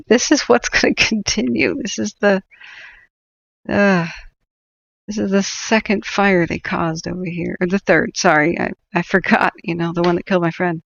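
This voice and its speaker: A woman's voice: fairly low pitch, fairly even intonation, moderate pace, gravelly, fairly bright tone, muffled recording. A woman hosting a wildfire-tracking livestream, giving sardonic, rambling commentary and laughing often. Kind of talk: live stream commentary.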